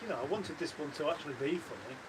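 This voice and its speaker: A man's voice: on the high side, expressive, fast talker. A British man bantering and teasing his friends on a casual livestream from a caravan. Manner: teasing, playful. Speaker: livestream co-host. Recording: noisy caravan livestream audio.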